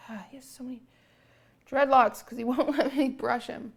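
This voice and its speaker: A woman's voice: high-pitched, fairly even intonation, normal speed, gravelly, husky. A young woman streaming from her home kitchen, chatting casually with viewers and cooing at her cat between remarks. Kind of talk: casual live-stream chat.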